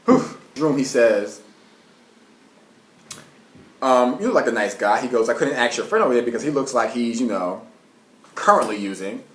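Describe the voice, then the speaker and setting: A young man talks in a loose, animated storytime, swearing freely and breaking into quick rants. His voice sits at an ordinary middle pitch. The room around him sounds noticeably echoey. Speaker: vlogger. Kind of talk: casual storytime monologue. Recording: roomy echo.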